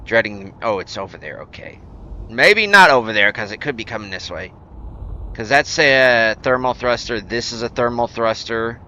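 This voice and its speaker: Bright, clear-voiced rambling game streamer man. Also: mid-range voice, animated, normal speed, muffled recording. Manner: rambling, with many fillers and restarts; easygoing and self-deprecating. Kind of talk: casual gameplay commentary answering chat.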